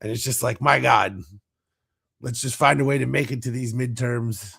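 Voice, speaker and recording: Man, american, podcast host, gravelly voice, blunt and profane, casual chat. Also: medium pitch, steady tone, normal speed, a bit bright. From United States.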